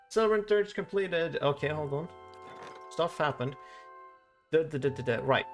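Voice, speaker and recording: A man's voice: on the high side, a bit bright. Foul-mouthed chatty male game streamer. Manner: chatty, swears often, reads game text aloud. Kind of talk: casual live-stream commentary.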